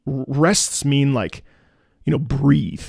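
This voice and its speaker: A man's voice: mid-range voice, slow pace, vocal fry, darkish tone, husky, no echo, studio quality. A man, a trained opera singer, chatting casually and analytically about a piece of music, humming and scatting bits of the melody as he explains. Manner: analytical, hums and scats the melody while explaining. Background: game music playing.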